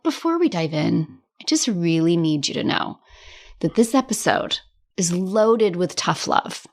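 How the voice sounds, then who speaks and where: Woman host, mid-range voice, talking straight to listeners like a friend; lively, tough-love coach. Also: mid-range voice. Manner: chatty and animated, laughs often; tough-love directness, casual swearing. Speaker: podcast host and business coach. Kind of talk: casual solo podcast talk.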